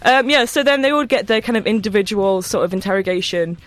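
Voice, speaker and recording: A woman's voice: mid-range voice, expressive, fast talker, no echo. Giggly young woman reviewing films. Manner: giggly, self-conscious, hesitant. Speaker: work experience film reviewer. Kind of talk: casual film review chat.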